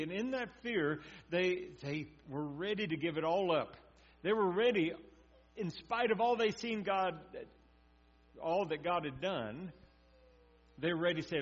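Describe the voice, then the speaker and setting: A man's voice: high-pitched, expressive, moderate pace. Man preaching, muffled with hum. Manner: conversational preaching, acts out quotes, drops to quiet intensity. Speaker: pastor. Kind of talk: sermon. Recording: dull muffled sound with mains hum.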